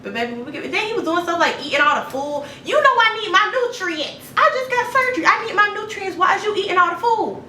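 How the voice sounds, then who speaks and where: A woman vlogger telling a storytime to her viewers, animated, blunt and profane, talking directly to them. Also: extremely high pitch, fast talker, hardly any pauses, a little hiss or hum. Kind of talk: storytime vlog. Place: apartment room. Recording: echoey room, a bit far from the mic.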